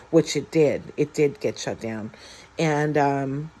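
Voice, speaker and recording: A woman in her forties from the United States with a low-pitched voice tells a story from her own life. She speaks haltingly and from the heart, breaking off often with fillers and restarts. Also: dark tone. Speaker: vlogger. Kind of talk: personal storytelling.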